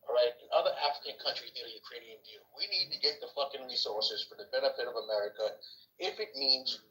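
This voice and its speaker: Emphatic man with a bright voice. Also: medium pitch, quick pace, roomy sound, rough recording. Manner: emphatic, profane, keeps asking "all right?". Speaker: panelist in a political discussion. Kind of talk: casual opinion chat.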